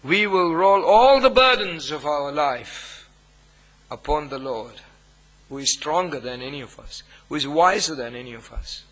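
Slow, bright-voiced pastor preaching. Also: male voice, fairly high pitch, animated, rough recording. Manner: emphatic preaching with long pauses between phrases. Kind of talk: sermon.

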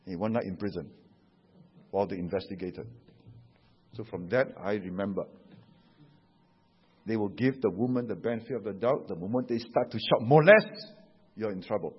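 A Singaporean pastor preaching a sermon, telling stories in an animated way and tagging his sentences with "huh?" and "you know". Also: lowish voice, brisk, long pauses, husky. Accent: Singaporean English. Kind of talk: sermon with anecdotes. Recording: dull echoey hall recording.

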